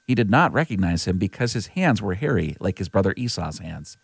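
A man reading scripture aloud in an earnest, measured way. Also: lowish voice, sing-song, gravelly, no room sound. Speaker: scripture reader.

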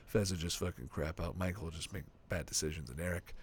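A man's voice: low voice, fast talker, a little hiss or hum. A man hosting a podcast, chatting casually and rambling, with frequent swearing. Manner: profane, rambling, animated. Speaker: podcast host reviewing a sitcom.

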